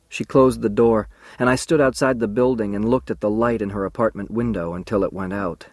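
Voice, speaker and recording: A man's voice: lowish voice, steady tone, fairly quick, few pauses, dry recording. A man reading an audiobook in the first person, with an earnest and emotional delivery. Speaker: audiobook narrator.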